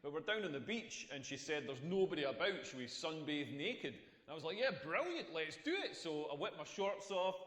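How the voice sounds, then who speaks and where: A middle-aged man with a Scottish accent playing a crude stand-up comedian, telling deadpan stories that build to punchlines. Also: a little high, normal speed, few pauses. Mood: wry. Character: crude self-mocking male stand-up comic. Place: comedy club stage. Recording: echoey comedy club hall.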